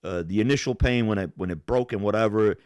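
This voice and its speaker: A man's voice: on the low side, quick pace, a little mellow, clean tone, dry recording, clean studio sound. A young man on a live stream telling a long, profane story in a casual, rambling way. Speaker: podcast co-host.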